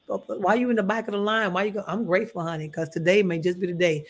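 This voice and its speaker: A woman's voice: medium pitch, fairly even intonation, fast. A middle-aged woman pastor preaching at a Bible study in a folksy, emphatic way, often calling listeners honey.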